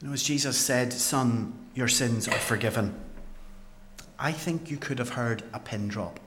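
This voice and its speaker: A man performing a dramatic first-person Bible monologue as a paralysed man healed by Jesus, with earnest storytelling and dramatic pauses. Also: mid-range voice, a bit bright, slight background noise, close to an everyday voice. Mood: tense.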